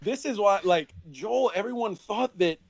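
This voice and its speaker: A man with a high-pitched voice, recorded close and dry with no room sound. He needles his friend bluntly and swears freely. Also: expressive, measured pace, gravelly, husky, no echo, muffled recording. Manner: teasing, blunt, profane. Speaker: guest, radio host. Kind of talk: casual banter.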